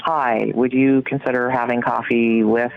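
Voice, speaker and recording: Middle-aged woman guest, lively storyteller who swings high on quoted reactions, tinny phone-like sound with faint music. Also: measured pace, vocal fry. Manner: animated, acts out her own reactions with big pitch jumps. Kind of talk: personal storytelling.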